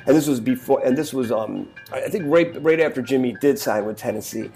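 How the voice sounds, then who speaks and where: A man's voice: mid-range voice, a little fast, creaky, a little mellow, faint music behind. A man telling a rambling story in casual chat, with many restarts as he goes. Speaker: podcast co-host.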